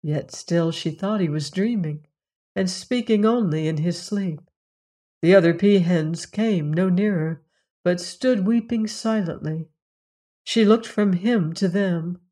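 Audiobook narrator: woman, lower voice, unhurried, solemn fairy-tale delivery. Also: dark tone. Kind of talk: storybook reading.

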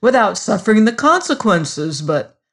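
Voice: medium pitch, very animated, moderate pace, a bit bright, pitched above the performer's own voice. Smug, pushy schemer, as a narrator reads him. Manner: pushy and self-satisfied. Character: smug, scheming man bargaining with the devil. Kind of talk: storybook reading.

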